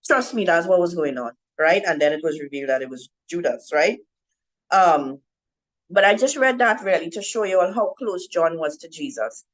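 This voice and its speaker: A woman's voice: fairly low pitch, lively intonation, moderate pace, low-quality recording. A woman giving an informal Bible teaching talk to women, keeps asking "right?" as she goes. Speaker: women's ministry speaker.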